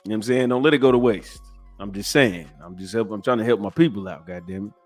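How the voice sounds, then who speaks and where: A man's voice: on the low side, quick pace, faint music behind. A man hosting a podcast, giving profane, preachy reaction commentary. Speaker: podcast host.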